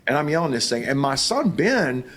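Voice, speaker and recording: A man's voice: mid-range voice, big pitch swings, moderate pace, a bit bright. A middle-aged man, a pastor, telling a story in conversation with fervent, emphatic declarations.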